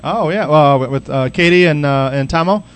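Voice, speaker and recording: A man's voice: on the high side, normal speed, clear, resonant tone. A man hosting a podcast, chatting casually and rambling with many restarts. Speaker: podcast host. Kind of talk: casual chat.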